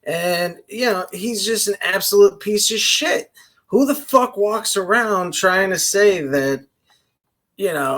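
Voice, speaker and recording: A man with a fairly high voice rants through a reaction stream, swearing nonstop and wandering off track as he vents. His talk is loose and casual, full of fillers and angry asides. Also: lively intonation, slow, fairly bright tone. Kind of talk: profane reaction rant.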